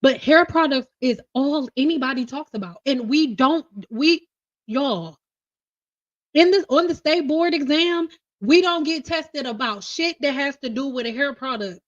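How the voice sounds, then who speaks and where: A blunt, teasing woman hosts a casual livestream rant, her voice sitting high. The audio is slightly dull and dry. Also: measured pace, no echo. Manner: blunt, teasing, laughs often. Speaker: hairstylist livestream host. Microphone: livestream mic.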